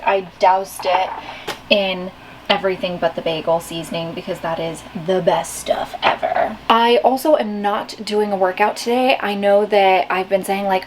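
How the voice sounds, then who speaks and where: A woman's voice: medium pitch, slight background noise. A woman chatting casually to camera at home in a daily vlog, telling stories with lots of fillers. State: out of breath. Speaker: vlogger. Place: home kitchen and bedroom.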